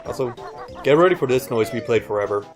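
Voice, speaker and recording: A man's voice: mid-range voice, expressive, fast talker. A man playing a video game on a let's play, answering his co-host with dry, teasing remarks. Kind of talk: casual gameplay commentary. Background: game music.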